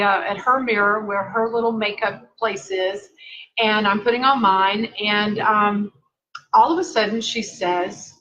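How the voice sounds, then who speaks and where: A woman caregiver speaking earnestly and with soft emotion in a confessional vlog, seated at home. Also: medium pitch, rough recording. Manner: earnest, heartfelt, softly emotional. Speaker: family caregiver.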